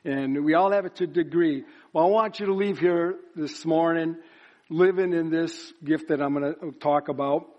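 A man preaching at a church service, his voice sitting somewhat high for a man. He works up to emphatic, chanted repetitions. The recording sounds dull and lo-fi. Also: normal speed. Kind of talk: sermon.

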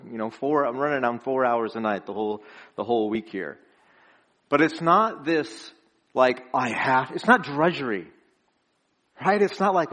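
A man's voice: mid-range voice, fairly bright tone. A young man preaching a conversational sermon as pastor, earnest and storytelling, chuckling between phrases.

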